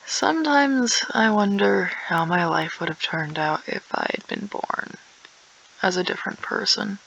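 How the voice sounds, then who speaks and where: A woman's voice: mid-range voice, gravelly, sharp tone, breathy edge, highs cut off. A teenage girl chatting casually and rambling while playing a game, sometimes dropping to a whisper or breaking into song. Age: teens. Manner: rambling, self-aware, drifts into whispers and song. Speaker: gaming streamer. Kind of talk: casual gameplay chat.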